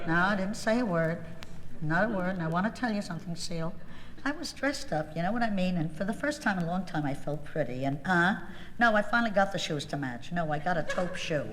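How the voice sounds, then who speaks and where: A woman's voice: lowish voice, expressive, fairly quick, a bit bright, big-room sound, a faint crowd, slight background noise. A woman delivering a comic monologue, telling an exasperated story to a listener.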